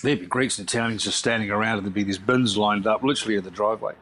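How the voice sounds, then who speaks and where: A man's voice: on the low side, very fast, fairly bright tone. A middle-aged man, a chef turned fishmonger, answering an interview question in a rambling way full of fillers and restarts. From New Zealand.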